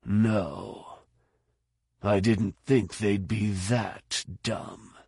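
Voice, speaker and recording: A man doing a weary, older bounty hunter with a low, dry, gruff voice. He speaks slowly and flatly in a storybook reading, sounding worn out and unimpressed. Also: no echo.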